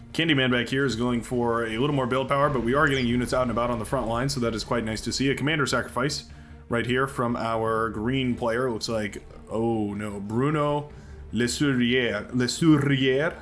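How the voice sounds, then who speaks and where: A man's voice: mid-range voice, steady tone, a little fast, a bit bright, soft background music. Upbeat American man commentating a strategy game. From United States. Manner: upbeat, chatty, many fillers and restarts.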